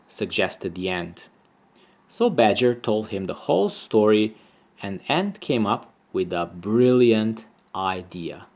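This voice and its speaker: A man reading a children's story aloud for primary pupils, expressive and lively. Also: on the low side, slow pace. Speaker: storyteller, teacher.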